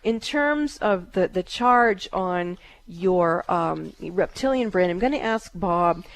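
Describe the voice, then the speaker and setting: A woman hosting a call-in psychic radio show, giving calm, halting readings with many fillers. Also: on the low side, dry recording.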